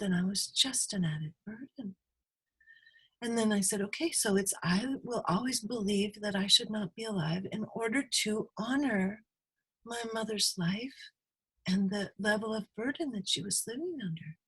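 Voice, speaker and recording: A woman guest on a podcast, speaking softly and reflectively, often slipping into a breathy whisper as she retells a session. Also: mid-range voice, unhurried. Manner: soft, reflective, retells sessions with quoted dialogue. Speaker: guest healer. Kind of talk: podcast interview, storytelling.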